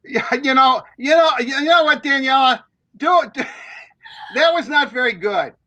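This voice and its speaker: A man's voice: very high voice, measured pace, no room sound, low-quality recording. A man, hosting a sports talk show, telling rambling stories in casual chat full of fillers. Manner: animated, rambling storyteller with many fillers. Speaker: sports radio host.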